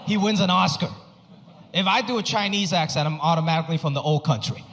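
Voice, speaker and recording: A fast-talking man with a fairly high voice does stand-up on a comedy stage before a live audience. His delivery is animated, and he jumps his pitch around to play the people in his stories. A long hall reverb and clear crowd noise surround him.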